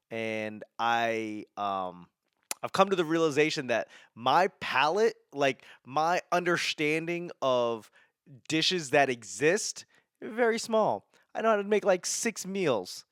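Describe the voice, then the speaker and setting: A man's voice: a little high, a bit bright, clean tone, dry recording, clean studio sound. A young man from New England hosting a podcast, rambling casually with self-mocking humor, frequent swearing and laughter. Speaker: podcast host. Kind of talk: casual monologue.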